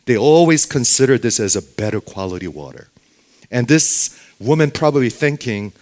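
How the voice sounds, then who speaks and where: A man's voice: mid-range voice, expressive, moderate pace. A man preaching a sermon, asking the congregation questions and punctuating points with "okay?", sometimes dropping to a near whisper for emphasis. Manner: emphatic, asks the audience questions, frequent "okay?"; sudden drops to very soft, near-whispered emphasis.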